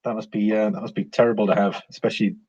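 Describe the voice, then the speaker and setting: A man's voice: fairly low pitch, little pitch movement, racing, darkish tone. A man hosting a live stream in casual chat, reading out viewer comments and answering them with frequent fillers and restarts. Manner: reads viewer comments aloud and replies. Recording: dull lo-fi audio with faint hiss.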